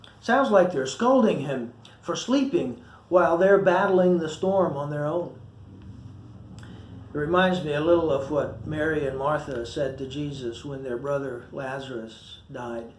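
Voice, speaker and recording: A man's voice: on the high side, a little slow, roomy sound, a little hiss or hum. A male pastor giving a short sermon, reading scripture with feeling and acting out the quoted voices. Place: church.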